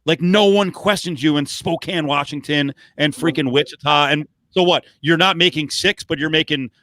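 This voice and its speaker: A man's voice: a little high, normal speed, sharp tone, no room sound. A man co-hosting a podcast, rambling through casual sports talk with lots of fillers, restarts and swearing. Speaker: podcast co-host.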